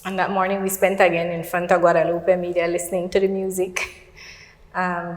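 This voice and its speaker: Speaking in a lowish voice, a middle-aged Belizean-accented woman appears as a talk show guest to give her faith testimony. Her earnest storytelling leans on quoted dialogue to recount what happened. The audio is roomy, with a long reverb tail.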